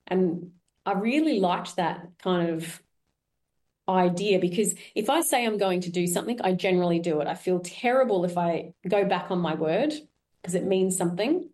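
Woman host, middle-aged, warm low tone, chatty and self-deprecating solo reflection. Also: normal speed. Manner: candid, chatty, laughs at herself. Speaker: podcast host. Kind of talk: reflective solo podcast talk.

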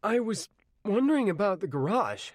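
A man's voice: high-pitched, very animated, normal speed, no echo, studio quality, voice pushed up. A man voicing an earnest, polite teenage boy who pleads eagerly, in a storybook reading. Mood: pleading.

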